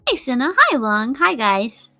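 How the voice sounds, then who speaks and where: A woman streaming as a guest, chatting in a playful, giggly, teasing way. Her voice is bright and fairly high, and she talks at an unhurried pace. The sound is dry and close. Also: very animated, dry recording, soft background music. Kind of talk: casual stream chat.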